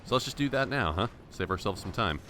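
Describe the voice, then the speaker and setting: Low-voiced guy doing sarcastic lets-play chatter, crisp bright tone, a little game noise behind. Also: animated, quick pace. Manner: wry, sarcastic running commentary that talks back to enemies. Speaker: let's-play host. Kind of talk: casual gameplay commentary.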